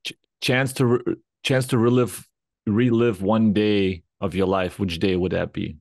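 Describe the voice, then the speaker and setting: Low-voiced male podcast host, dry sound. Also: fairly even intonation, darkish tone, no room sound. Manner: supportive, measured, repeats words as he starts. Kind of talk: interview questions and affirming replies.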